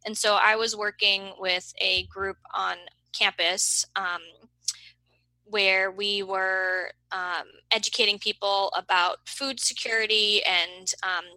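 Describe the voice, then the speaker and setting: A woman in her thirties talking as an interview guest in a friendly, relaxed way, with frequent ums and easy laughter. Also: mid-range voice, slow, no echo, poor audio. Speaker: podcast guest, marketing agency co-founder. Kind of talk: casual interview conversation.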